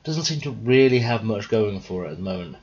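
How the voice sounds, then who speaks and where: Tired young guy rambling over a game, kinda husky, dull lo-fi mic. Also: on the low side, animated, fairly quick. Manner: rambling, thinking out loud. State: tired, yawning. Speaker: gaming video host. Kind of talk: casual let's-play commentary.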